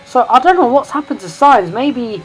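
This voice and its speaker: A woman giving excited, chatty commentary over her own racing game footage, correcting herself as she goes. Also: high voice, normal speed, faint music behind, poor audio. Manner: excitable, rising and louder in tense moments; chatty, self-correcting asides. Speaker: sim racing video creator.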